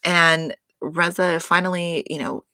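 A woman's voice: on the low side, little pitch movement, a little slow, pushed and bright, dry recording, studio quality. A woman recapping a reality show in a chatty, filler-heavy way, with exclamations and swearing. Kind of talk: casual recap chat.

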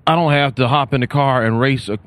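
A male comedian guest on a podcast, teasing and playful, talking in a relaxed, drawn-out way on a hotel terrace. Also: medium pitch, no room sound. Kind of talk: casual chat.

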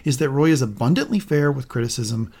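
A man with a mid-range voice co-hosting a casual TV review podcast. He talks in a hesitant, roundabout way, often restarting sentences and filling pauses. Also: mid-range voice, lively intonation, darkish tone, breathy edge. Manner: hesitant, many fillers and restarts. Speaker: podcast co-host.

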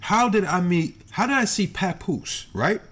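A man's voice: high-pitched, animated, measured pace, fairly bright tone, slight background noise. A man on a podcast as a guest, telling a story in casual chat. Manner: storytelling, swings his voice a lot.

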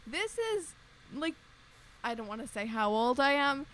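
A woman's voice: fairly high pitch, lively intonation, unhurried, a bit bright. A young woman co-hosting a podcast, rambling animatedly in casual chat with lots of filler words. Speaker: podcast co-host.

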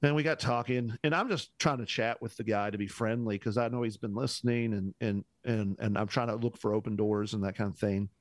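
A man's voice: fairly low pitch, fairly quick, few pauses, no echo. A man, a pastor, telling a story casually in a podcast conversation and acting out what people said. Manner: animated storyteller who acts out the dialogue; casual, uses "man" often, restarts sentences.

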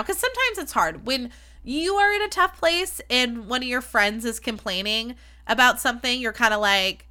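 Podcast host, woman, bright higher voice, blunt and sweary, chatty self-deprecating solo talk. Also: expressive, moderate pace, clear, resonant tone.

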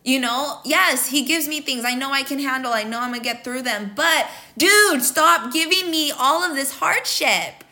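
A woman's voice: high voice, animated, normal speed, few pauses, bright, forceful tone. A woman in her thirties hosting her own podcast, telling a candid, emotional personal story straight to her listeners. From American Midwest. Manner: emotional, candid, addresses listeners as "you guys". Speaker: podcast host. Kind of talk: confessional podcast monologue.

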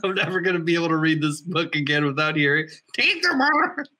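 A man's voice: on the high side, steady tone, fast, background noise. A man co-hosting a casual podcast, reacting playfully and joking as the story is read to him. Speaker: podcast co-host listening. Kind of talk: casual chat.

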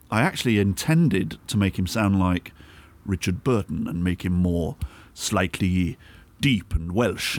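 A man's voice: sits low, dry recording. A man hosting a casual comedy podcast, teasing his guest in a mock-bullying way.

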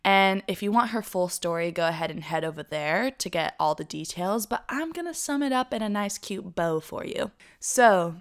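A young woman co-hosting a podcast, telling a story in a chatty, animated way with frequent laughs. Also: medium pitch, normal speed. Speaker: podcast co-host. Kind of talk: casual storytelling chat.

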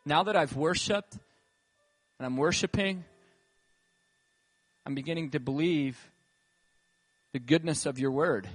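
A man preaching a sermon and telling a personal story, moving between loud emphatic calls and quiet, tender narration. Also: mid-range voice. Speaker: pastor. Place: church gathering.

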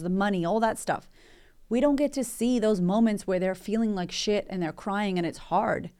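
A woman's voice: mid-range voice, darkish tone. A woman, hosting a motivational podcast in a candid, emphatic, chatty way with swearing. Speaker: podcast host and coach.

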